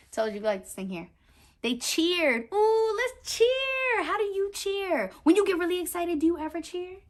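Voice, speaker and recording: A woman reading a picture book aloud to young children as their teacher, animated and talking straight to her listeners with questions. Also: very high-pitched, unhurried. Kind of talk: children's read-aloud lesson.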